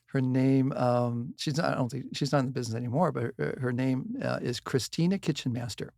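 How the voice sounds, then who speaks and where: A man, a guest on a podcast interview, telling lively stories, acting out quoted lines and often chiming in to agree. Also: mid-range voice, brisk, creaky, dry recording, studio quality. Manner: animated storyteller, acts out quoted dialogue, agrees often. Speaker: guest real estate agent.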